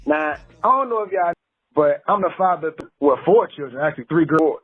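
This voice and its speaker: Husky-voiced man on a tinny phone line. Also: on the high side, animated, brisk, soft background music. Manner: laid-back storytelling, addresses listeners directly. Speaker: radio show host. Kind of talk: casual radio talk. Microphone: phone call.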